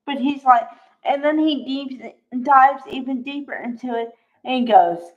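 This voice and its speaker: A middle-aged woman giving a casual, animated recap of soap episodes, exasperated and acting out the characters' lines. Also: high voice, unhurried. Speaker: soap opera recap host. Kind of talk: casual recap and opinion vlog. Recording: slightly dull lo-fi recording.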